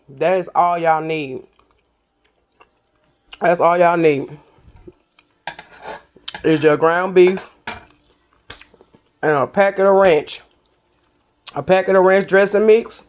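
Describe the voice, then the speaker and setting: In this cooking vlog, a woman with a low, darkish voice chats casually with viewers as she builds and tastes a burger. She's chatty and calls her audience "y'all."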